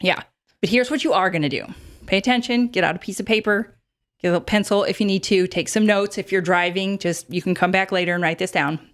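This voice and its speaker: A woman's voice: mid-range voice, fast talker. A woman in her thirties hosting a casual advice podcast, chatty, with many fillers and frequent laughs. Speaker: podcast host.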